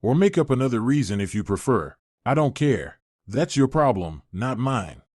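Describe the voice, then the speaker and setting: A man's voice: medium pitch, big pitch swings, normal speed, darkish tone, no echo, studio quality. A man voicing a betrayed young woman who speaks firmly and coldly. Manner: firm, cold.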